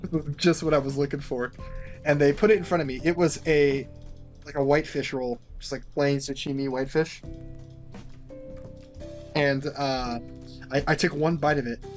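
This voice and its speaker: Young male podcast host, slightly higher voice, light music underneath, lively swearing storyteller. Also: moderate pace, long pauses. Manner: animated, swears freely, acts out quotes. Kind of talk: casual storytelling.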